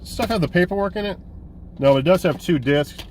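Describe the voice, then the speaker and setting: A man hosting a casual collecting vlog, excited and rambling, swearing now and then. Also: high voice, brisk, slight background noise. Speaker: host of a physical media collecting vlog.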